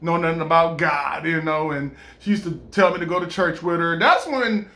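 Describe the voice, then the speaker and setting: A man talking in a rambling, casual monologue, animated and stammering, often laughing and breaking into playful impressions. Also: fairly high pitch, moderate pace, roomy sound.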